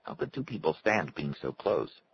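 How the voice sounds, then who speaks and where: A man with a very low voice reads a novel aloud at a measured, even pace. The recording sounds dull and lo-fi, with a faint hiss underneath. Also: vocal fry. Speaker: audiobook narrator. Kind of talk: scripted narration.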